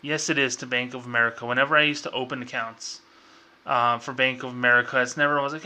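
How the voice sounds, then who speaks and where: A man hosts his own show in a loose, exasperated rant, doubling back and restarting sentences as he goes. His voice sits at an ordinary pitch but has a very bright, cutting edge. He talks with a sarcastic bite and plenty of fillers. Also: fairly even intonation, quick pace. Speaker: podcast host. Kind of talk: casual ranting commentary.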